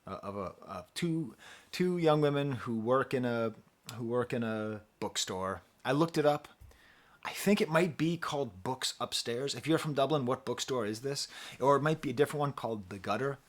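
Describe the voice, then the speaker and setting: A man's voice: mid-range voice, animated, normal speed. A man talks through a favorite song in a loose, conversational review, his voice sitting in a middle range. He jokes about himself and laughs easily. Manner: chatty, self-deprecating, laughs often. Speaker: music reviewer. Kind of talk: casual album review.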